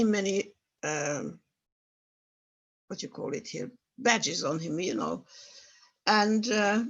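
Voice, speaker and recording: An elderly woman from the former Yugoslavia, with a husky voice, gives a personal testimony. She tells the story vividly and emotionally. She reaches for words in her non-native English and sounds stirred up by what she remembers. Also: medium pitch, a bit bright. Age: 80s. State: stirred up by memories. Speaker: Holocaust survivor guest speaker. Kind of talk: personal testimony at an online talk.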